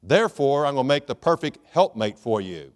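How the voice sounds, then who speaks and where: A man's voice: medium pitch, very animated, fairly quick, big-room sound, close to an everyday voice. A man preaching, voicing God in a joke with coaxing, leading questions. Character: coaxing, jovial God telling Adam about a wife.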